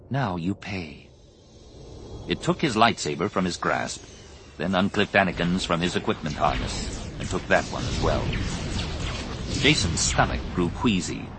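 A man narrating an audiobook with measured, dramatic storytelling. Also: low-pitched, noisy background. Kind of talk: scripted narration. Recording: narration over a music score. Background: music.

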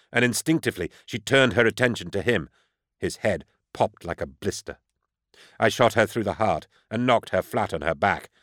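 A man reading a grim first-person audiobook narration in a measured, dramatic way. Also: fairly low pitch, a bit bright, dry recording, studio quality.

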